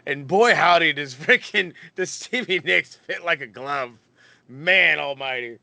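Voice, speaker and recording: Hammy, gravelly man hosting a wrestling show. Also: a little high, unhurried, pushed and bright, no echo. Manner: playful and hammy, with laughs. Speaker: podcast host.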